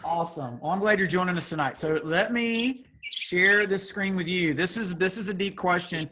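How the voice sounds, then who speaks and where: A high-pitched man speaking at a moderate pace leads a youth group over a video call, with noise in the background. He poses would-you-rather questions, teasing and joking playfully and wandering into chatty asides, in the style of relaxed call hosting.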